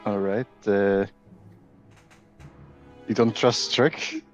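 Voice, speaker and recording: A man's voice: on the low side, drawn-out words, lo-fi sound, faint music behind. A man voicing a wary male companion who questions why he is left out, in a guarded, mildly hurt tone.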